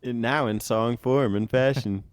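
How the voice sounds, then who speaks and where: A man co-hosting a casual gaming podcast, dropping dry, deadpan one-liners. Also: mid-range voice, a little slow, smooth, no echo. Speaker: podcast co-host.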